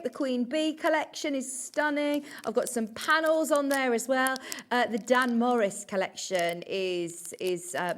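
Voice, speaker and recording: A woman presenting live on a shopping channel, chatty and gushing as she talks through products. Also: medium pitch. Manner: gushing, chatty, upbeat sales patter. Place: TV studio.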